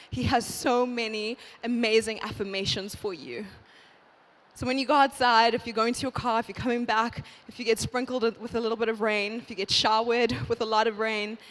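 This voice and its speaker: A woman giving a heartfelt address at a church women's conference, effusive and emotional, repeating phrases for emphasis. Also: on the high side.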